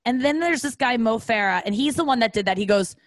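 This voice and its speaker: A woman's voice: on the high side, lively intonation, fast, no echo. A woman hosting a podcast, talking in a candid, profane, rambling monologue. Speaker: podcast host.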